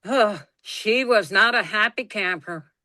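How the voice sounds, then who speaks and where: A woman's voice: mid-range voice, slow pace, dry recording, clean studio sound. A woman telling a family story in a casual chat, acting out the voices of the people in it and swearing freely. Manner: animated, acts out quoted voices, swears freely. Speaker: guest storyteller.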